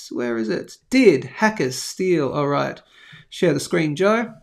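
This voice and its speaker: Gravelly-voiced chatty man. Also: fairly high pitch, expressive, slow pace. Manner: chatty, rambling, lots of fillers and asides. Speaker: host of a live precious metals show. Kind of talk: casual live-stream chat and product plug.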